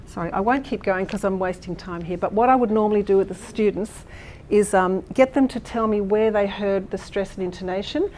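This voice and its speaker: Leading a teachers' workshop, this woman explains and walks through a lesson with lots of fillers and restarts, checking in with her audience as she goes. She speaks in a mid-range, darkish voice, fairly quick with few pauses, over a little hiss or hum.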